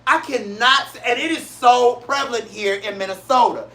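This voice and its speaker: A show host from St. Louis rants in a casual, blunt way, hammering his points with repetition. His voice is bright and forward, his delivery emphatic and profane. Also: very high voice, normal speed, hardly any pauses. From St. Louis, Missouri, USA. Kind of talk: casual solo talk-show rant.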